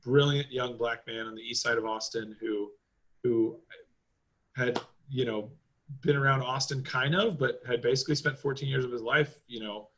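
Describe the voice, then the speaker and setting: A driving school owner appears as a podcast guest, chatting casually and rambling, with plenty of fillers and loose swearing. His voice is mid-range and fairly bright, with fairly even intonation at normal speed, though the audio is poor.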